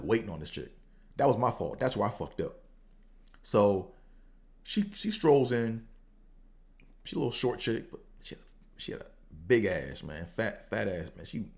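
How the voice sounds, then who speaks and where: A man hosting a podcast, telling a casual story in a slangy, profane way and acting out both sides of the conversations with big jumps in pitch. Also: gravelly. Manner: animated, acts out quotes with big pitch jumps. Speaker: podcast host.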